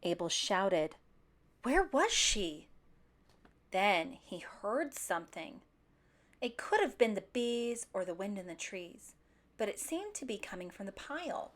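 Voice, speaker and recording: Woman storybook reader, unhurried, very animated delivery. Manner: expressive, bursts into loud high character calls. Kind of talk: children's picture book read-aloud.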